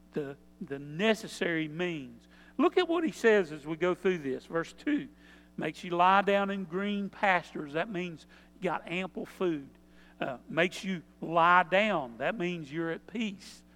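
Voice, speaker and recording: A man's voice: a little high, a bit bright, in a large hall. A male pastor preaching a sermon, explaining in a plain, conversational teaching tone.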